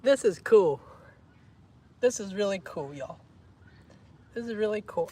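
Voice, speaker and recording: A man, chatting warmly and emotionally to his viewers in a casual vlog, teasing them and saying y'all a lot. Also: high-pitched, lively intonation, a little slow, long pauses, slightly rough. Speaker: vlogger.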